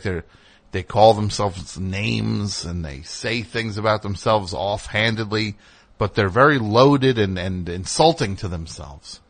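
A man hosting a call-in radio show, speaking candidly and rambling, breaking off his own sentences and jumping up in pitch when he gets worked up. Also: a bit bright. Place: radio studio.

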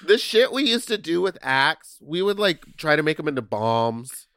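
A man's voice: on the high side, moderate pace, smooth, no echo, clean studio sound. A man co-hosting a podcast, campy and crude, with playful voices and big laughs. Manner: campy, animated, crude jokes. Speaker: podcast co-host. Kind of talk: casual chat.

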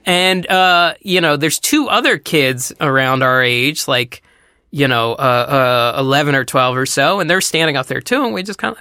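A woman's voice: normal speed, clear, resonant tone, no room sound, clean studio sound. A woman co-hosting a podcast, telling a long story in casual talk and acting out the people in it. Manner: animated storyteller, acts out other people's voices with big pitch jumps. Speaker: podcast co-host.

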